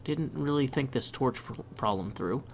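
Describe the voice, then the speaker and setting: A man talking through his gameplay in a chatty, upbeat way, thinking aloud as he builds. His voice sits at a middling pitch, with a faint hiss of noise behind it. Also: animated, moderate pace. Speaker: let's play host. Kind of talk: casual gameplay commentary.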